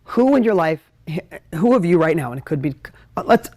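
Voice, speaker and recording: A man teaching at a whiteboard on a live stream, emotional and animated, jumping between ideas and talking straight to his viewers. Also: a little high, a little fast. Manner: talks straight to viewers, asks for comments. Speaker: business coach hosting a live stream.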